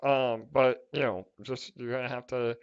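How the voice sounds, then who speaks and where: A man chats through community questions on a livestream call, reassuring and loose, with plenty of fillers and false starts. His voice is smooth and full. The call audio is a little muffled and lo-fi. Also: mid-range voice, little pitch movement, normal speed. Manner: chatty, many fillers and restarts, reassuring. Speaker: project team host answering community questions. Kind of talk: casual livestream Q&A. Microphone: online call microphone with glitchy audio.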